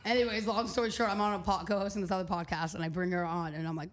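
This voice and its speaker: A woman guest on a comedy podcast, telling a crude story quickly with acted-out quotes and giggles. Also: mid-range voice, fairly even intonation.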